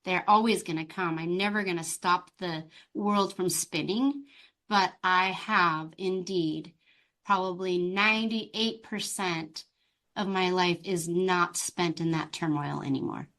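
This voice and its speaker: A woman's voice: fairly low pitch, measured pace, fairly bright tone. A middle-aged woman, a life coach, telling her story expressively in an interview. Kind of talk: conversational interview.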